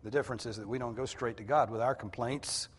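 A man's voice: medium pitch, fairly even intonation, fast talker, husky. Male pastor, conversational sermon, everyday explanations, mid-range voice, long hall reverb. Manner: conversational, explains scripture in plain everyday words. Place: church hall with a congregation.

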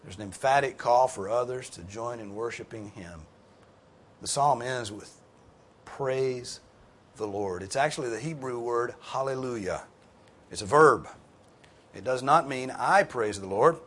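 This sermon with group discussion comes from a man speaking at a moderate pace in a fairly bright tone, with a little hiss or hum in the recording. He teaches the Bible class earnestly and emphatically, dropping in offhand remarks and raising his pitch and volume for emphasis.

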